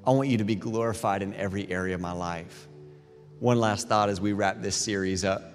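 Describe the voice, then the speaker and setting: A middle-aged man preaching a sermon as a pastor, telling animated, self-deprecating stories between scripture readings. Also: lowish voice, fairly quick. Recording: long reverb in a large hall with faint music.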